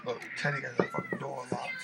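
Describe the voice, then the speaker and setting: A rowdy man with a gravelly voice films himself on a handheld phone, going room to room in an apartment to wake his roommates. He taunts them, repeats the same lines over and over, and swings from shouts down to mutters. Music plays clearly behind him. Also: fairly high pitch, huge pitch swings, brisk, low-quality recording. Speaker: roommate filming a wake-up prank. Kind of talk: loud profane teasing vlog. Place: apartment indoors. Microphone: handheld phone camera.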